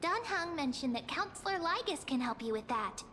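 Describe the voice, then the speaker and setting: A woman's voice: high voice, normal speed, slight background noise, full character voice. A woman voicing a bubbly, teasing young female companion in a game. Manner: lively, teasing. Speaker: game character. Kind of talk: game voice acting.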